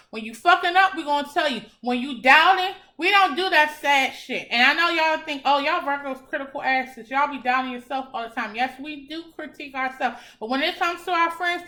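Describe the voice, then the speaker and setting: A woman's voice: high-pitched, bright, forceful tone. A young woman giving a tarot reading in a casual, blunt and encouraging way, swearing freely. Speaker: tarot reader.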